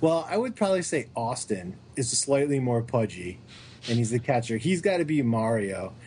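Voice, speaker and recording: A man's voice: medium pitch, moderate pace. Guy on a podcast going off on jokey rants, voice bouncing all over, bit of faint hiss. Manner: joking, ranting, animated. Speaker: podcast co-host. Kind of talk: casual sports podcast chat.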